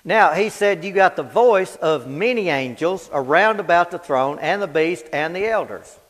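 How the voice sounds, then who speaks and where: A man preaching at a Bible study in a fervent, folksy way, repeating lines for emphasis and swinging between loud declarations and low, quiet asides. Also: lively intonation, moderate pace. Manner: folksy, plain-spoken. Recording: reverberant church hall.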